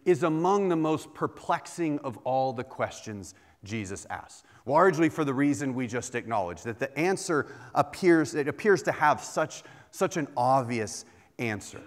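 A middle-aged male pastor preaching a sermon with self-deprecating humor, often repeating words as he goes. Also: mid-range voice. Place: church sanctuary. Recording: long reverb of a church hall.

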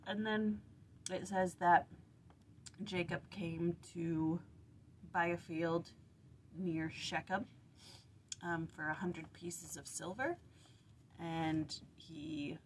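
Woman, low gravelly voice, casual scripture study, conversational retelling, sleepy early morning, faint background hiss. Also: slow, long pauses, low-quality recording. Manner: reads a devotional passage, then retells the story casually with restarts.

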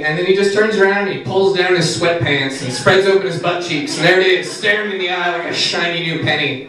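A man performing a standup comedy set on a brewery stage, animated and jumping to high shouted voices for the punchlines. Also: fairly quick. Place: brewery stage, live audience. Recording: echoey room recording from a distance, noisy.

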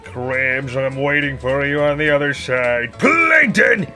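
A man voicing a gruff, greedy old sea-captain crab, using salty pirate growls and frantic yelling while commentating on a game. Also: mid-range voice, lively intonation, takes it slowly, soft background music, exaggerated voice. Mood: panicked. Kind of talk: in-character gaming commentary.

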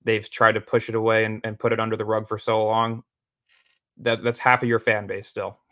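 A man's voice: on the low side, completely flat delivery, a little fast, sharp tone, no echo. A man talking as a podcast guest in casual debate, blunt and opinionated.

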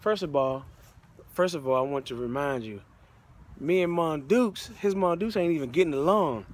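Expressive and a little high-pitched, this motivational speaker from the U.S. narrates his testimony at a moderate pace. The storytelling feels casual and genuine, loaded with slang.

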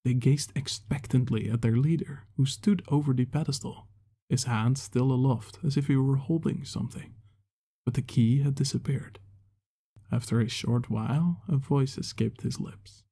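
A man reading a fantasy short story in measured scripted narration. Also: mid-range voice, fairly even intonation, gravelly, mellow, breathy edge.

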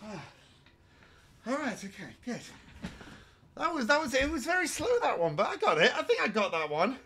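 Male streamer, high lively voice, rambling and excitable. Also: normal speed, slight background noise. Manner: chatty, excitable, rambling with laughs. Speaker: game streamer. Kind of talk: live game stream chat.

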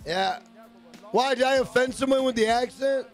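With soft music playing in the background, a man streams a game live and chats casually, swearing, joking, and rambling as he reads viewer messages aloud. He is a gaming streamer with a very high voice and a moderate pace.

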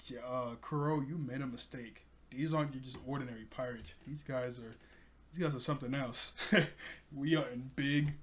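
A man voicing a nervous, scheming male pirate hypnotist in a low, hushed, worried way. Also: steady tone, normal speed, close to an everyday voice.

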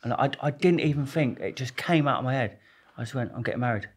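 Brief: male guest, casual storyteller, rambles and jokes, mid-pitched. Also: animated, a little fast, slightly rough. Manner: rambling, jokey, restarts a lot.

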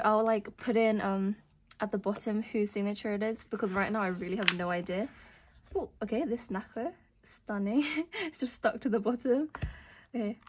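A young woman chats her way through an unboxing, gushing and gasping with delight at each find. Her voice sits a little high. Faint background hiss and small clicks are heard behind her. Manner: gushing, excitable, gasps and squeals over pulls. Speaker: unboxing vlogger. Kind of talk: casual unboxing commentary.

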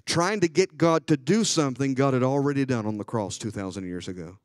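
A man preaching a sermon as a bishop, telling a story and swinging from hushed asides to loud, excited passages. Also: medium pitch, normal speed, dry recording, clean studio sound.

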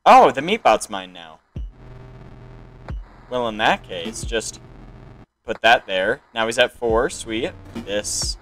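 A man playing a card game on his channel and thinking out loud, with sudden excited outbursts between calm remarks. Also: medium pitch, slow pace, pauses often, soft background music, rough recording. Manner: excitable reactions and self-talk. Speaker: gaming channel host. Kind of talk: let's play commentary.

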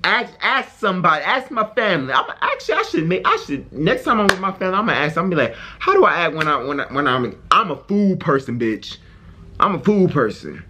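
A man's voice: sits high, sing-song, fast, pushed and bright, slight background noise. A man hosting a casual reaction video, talking in a brash, profane and exaggerated way.

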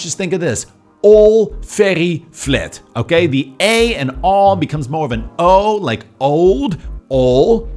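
A man giving a comedic accent lesson, playful, with exaggerated demonstrations. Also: a little high. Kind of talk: comedic language tutorial.

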